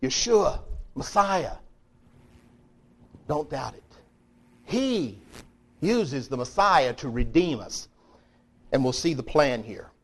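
A middle-aged man preaching a sermon in a folksy, emphatic way, swinging between loud declarations and quiet asides. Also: mid-range voice, animated, slow pace, long pauses, husky.

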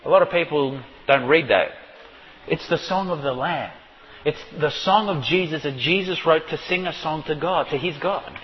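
High-voiced preacher in an echoing hall. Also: male voice, normal speed, slight background noise. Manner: emphatic, rising to shouts when stressing a point; reads scripture aloud, repeats words and restarts. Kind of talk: sermon, Bible exposition. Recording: dull lo-fi sound in a reverberant hall.

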